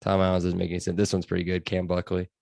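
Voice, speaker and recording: A man's voice: low-pitched, completely flat delivery, racing, creaky, a little mellow, dry recording, studio quality. A man hosting a casual sports podcast, chatty and loose with lots of fillers. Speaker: podcast host.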